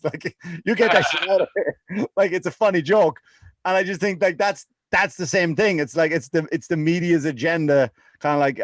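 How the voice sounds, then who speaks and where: Irish man, podcast co-host, rambling comic storyteller, slightly high voice, dry sound. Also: fairly quick, no room sound. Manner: rambling storyteller, swears freely, laughs at his own jokes. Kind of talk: casual comedic chat.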